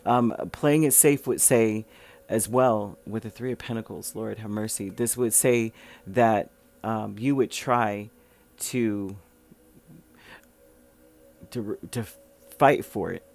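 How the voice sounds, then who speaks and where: A man's voice: on the low side, slow, vocal fry, long pauses, a little mellow. Chatty man rambling through a tarot reading. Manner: chatty, rambling with many fillers and restarts. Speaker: tarot reader. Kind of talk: casual tarot reading monologue.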